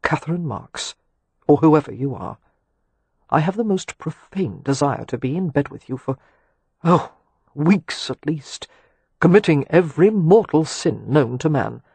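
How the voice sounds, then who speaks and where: Husky teasing gentleman, read by a man. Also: expressive, measured pace, no echo, heavily acted. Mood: ardent. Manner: wry, teasing, low and intimate. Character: teasing, ardent gentleman, wry and seductive. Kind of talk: audiobook dialogue.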